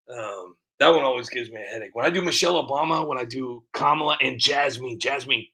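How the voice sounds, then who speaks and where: Gravelly, bright-toned male streamer. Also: mid-range voice. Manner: rambling, breaks into quick voice impressions; reads viewer comments aloud. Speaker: livestream host. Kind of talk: casual livestream chat.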